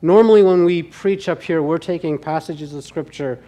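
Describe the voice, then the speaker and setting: A man's voice: a little high, moderate pace, mellow, highs cut off. A male pastor preaching a sermon in an earnest, conversational way.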